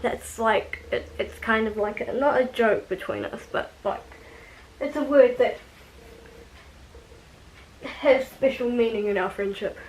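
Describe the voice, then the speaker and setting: A young woman in casual vlog chat, easygoing and rambling, with plenty of fillers and small laughs. Her voice sits a touch higher than most women's. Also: measured pace, pauses often, slight background noise, low-quality recording. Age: young adult. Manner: chatty, rambling, with frequent ums and laughs. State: out of breath. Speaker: vlogger.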